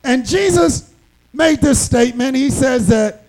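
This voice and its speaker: A man preaching a sermon, emphatic and dramatic, shouting key lines. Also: extremely high pitch, animated, a little slow, poor audio.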